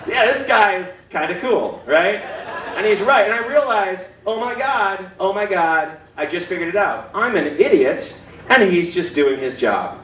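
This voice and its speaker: A man's voice: high-pitched, animated, unhurried, a bit bright, echoey room, distant mic, slight background noise, rough recording. A man in his forties doing a stand-up comedy set, self-deprecating and acting out other people's voices. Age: 40s. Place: comedy club stage. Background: audience laughter.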